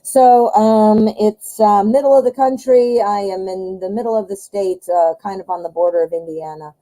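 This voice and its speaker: A chatty, excitable woman, hosting a live tarot reading stream and joking about herself. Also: medium pitch, moderate pace, poor audio. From western suburbs of Chicago, US. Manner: chatty, excitable, self-deprecating jokes.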